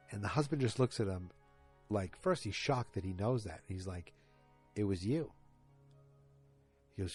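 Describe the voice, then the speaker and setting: A man with a low, slightly husky voice talks through a television episode in a casual, meandering podcast recap. He trips over words, restarts often and fills gaps with ums. Faint music sits in the background. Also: expressive, moderate pace, long pauses. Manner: rambling, loose retelling with many fillers and restarts. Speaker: podcast host.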